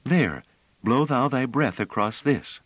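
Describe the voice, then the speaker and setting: A man voicing a gentle woman who speaks in a soft, old-fashioned formal way. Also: medium pitch, lively intonation, slow, slightly rough, no echo, highs cut off, voice pushed up.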